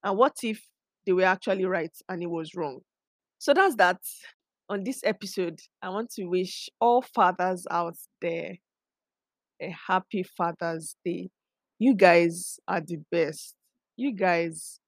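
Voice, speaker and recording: A young woman, hosting a podcast and chatting casually, animated and laughing as she acts out quotes. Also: on the low side, unhurried, no room sound, clean studio sound. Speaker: podcast host. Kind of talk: casual storytelling chat.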